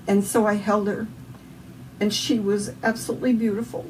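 A woman's voice: on the high side, moderate pace, recorded from a distance, a little hiss or hum, poor audio. A woman with a Southern US accent sharing an earnest, emotional personal faith testimony as an interview guest.

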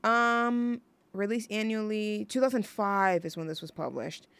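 A woman's voice: mid-range voice, unhurried, vocal fry, fairly bright tone, clean tone. Rambling young woman radio host. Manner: rambling, gushing, self-interrupting with fillers. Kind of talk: casual solo radio chat.

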